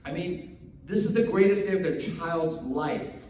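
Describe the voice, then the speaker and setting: A man's voice: a little high, a little slow, slight background noise. A male pastor preaching a sermon in a conversational, storytelling way in a church. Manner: conversational storytelling, animated, acts out characters. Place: church sanctuary. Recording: echoey hall from far off.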